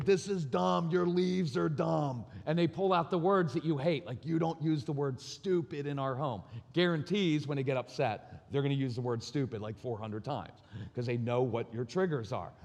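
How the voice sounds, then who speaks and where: Middle-aged man, joking speaker in a reverberant hall. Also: mid-range voice. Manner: lively, joking, self-deprecating, acts out voices. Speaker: parenting speaker. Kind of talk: conference talk, storytelling. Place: large hall at a live conference. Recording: long reverb of a large hall.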